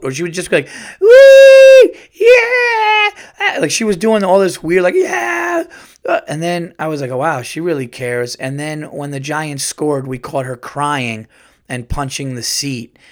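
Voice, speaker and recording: Guy in his forties or so rambling on his podcast, swears a lot, mid pitched, animated. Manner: profane, rambling, animated storytelling. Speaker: podcast host. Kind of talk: casual solo podcast monologue.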